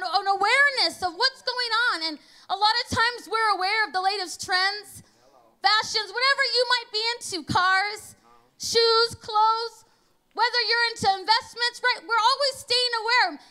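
A woman's voice: extremely high pitch, unhurried, pushed and bright. A woman preaching a conversational sermon, telling personal stories and often checking in with "you know" and "right?". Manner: chatty, storytelling, frequent "you know" and "right?". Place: church.

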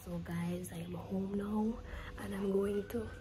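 A woman's voice: mid-range voice, steady tone, a little slow, background noise. A woman, chatting casually to her viewers in a vlog. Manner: chatty, addresses viewers as guys. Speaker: vlogger.

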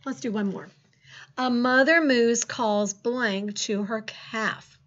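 A middle-aged woman leads a second grade phonics lesson in a slightly high, sing-song voice. She stays encouraging and draws words out slowly for young children. The sound is dull and lo-fi. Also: steady tone, fairly bright tone. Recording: dull lo-fi classroom recording.

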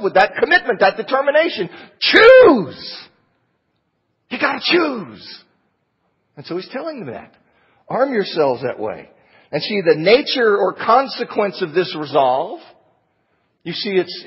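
Husky high-voiced man preaching in a hall. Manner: emphatic, rhetorical questions. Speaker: Bible class teacher. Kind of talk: sermon-style Bible lesson. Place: church auditorium. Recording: long hall reverb, dull lo-fi sound.

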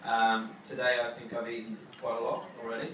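A young man giving his wedding toast as the groom, halting with many fillers and fighting back tears. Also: mid-range voice, completely flat delivery. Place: wedding reception hall. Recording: echoey hall from far off, crowd noise.

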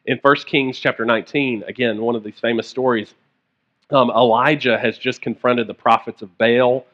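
Male pastor, sermon, conversational storytelling, casual asides, mid-pitched voice, dull lo-fi recording. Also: steady tone, normal speed. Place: church.

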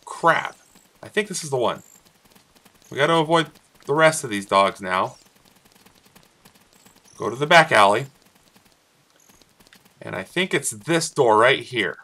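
A man's voice: medium pitch, expressive, measured pace, long pauses, pushed and bright. A man casually commenting on his gameplay, playful and jokey, talking back to the game's characters. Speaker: let's play host. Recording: faint game music behind.

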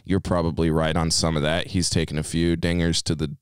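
Twenties male co-host, wisecracking and loose, low clear voice. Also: monotone, fairly quick, no echo, studio quality. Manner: joking, swears freely, puts on silly voices for others. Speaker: podcast co-host. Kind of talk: casual chat.

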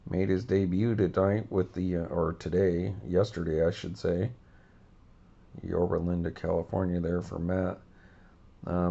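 A low-pitched man with a gravelly, dark voice talks in a flat monotone, hosting his own baseball card vlog. He rambles casually, correcting himself and filling pauses with ums and uhs. The recording sounds a bit dull and lo-fi. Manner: rambling, with many fillers and self-corrections. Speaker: baseball card channel host.

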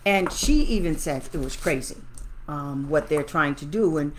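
A woman's voice: low-pitched, expressive, moderate pace, a little hiss or hum. A woman talking casually to her viewers, ranting indignantly and then pleading with them for help. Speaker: special education advocate and YouTuber. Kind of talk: casual livestream talk to viewers.

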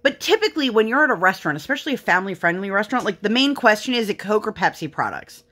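A woman's voice: mid-range voice, sing-song, very fast, a bit bright. A young woman chatting casually while she works on a craft project, telling stories with many fillers. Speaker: crafting vlogger.

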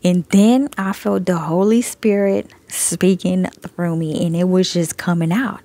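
A woman with a gravelly, fry-laden voice tells her story in a casual testimony. She laughs often and acts out both sides of each conversation. The sound is dry and close, recorded on a phone. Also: on the low side, fairly even intonation, measured pace, warm tone, no room sound. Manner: frequent laughter. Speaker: Christian video creator sharing messages.

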